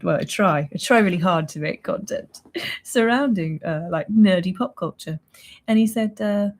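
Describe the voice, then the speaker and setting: A woman's voice: fairly low pitch, lively intonation, a little fast, a little mellow. A young woman hosting a casual livestream, chatting in a rambling, self-mocking way and laughing often. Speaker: livestream host.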